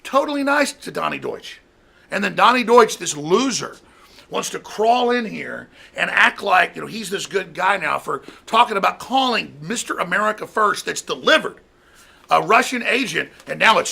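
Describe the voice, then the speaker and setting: A man's voice: sits high, lively intonation, normal speed, gravelly, sharp tone, husky. A man hosting a talk show, delivering an angry political rant and mocking opponents. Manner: ranting, mocking, mimics opponents in a raised voice.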